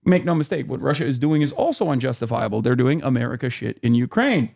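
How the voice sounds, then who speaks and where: A man's voice: mid-range voice, lively intonation, fast, vocal fry, darkish tone. A man in his thirties hosting a livestream, explaining at length in a heated, profane way, full of fillers and restarts. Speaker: streamer host.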